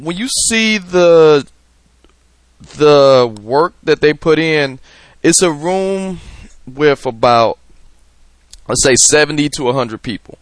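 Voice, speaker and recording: A male podcast host talking off the cuff in a loose, meandering way. He swears casually and fills gaps with "um" and "you know." His voice sits at a middle pitch, and the sound is dry and close with no room echo. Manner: loose, rambling, profane storytelling with many fillers. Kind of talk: casual monologue.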